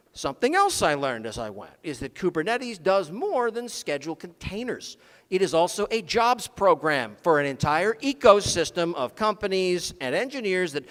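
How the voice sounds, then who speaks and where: A man's voice: high-pitched, a bit bright. A man giving a comedic technical talk at a conference, full of dry, sarcastic jokes. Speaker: conference speaker. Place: conference hall stage. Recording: long reverb of a large hall.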